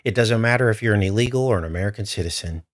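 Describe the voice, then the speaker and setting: A man's voice: lowish voice, rapid-fire, dry recording, clean studio sound. A man hosting a live stream, talking straight to his viewers in an urgent, earnest way. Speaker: livestream host.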